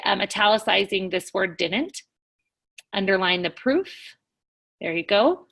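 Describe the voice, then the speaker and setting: A woman teacher recording a lesson, talking clearly and stressing words as she reads examples aloud. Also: mid-range voice, sharp tone.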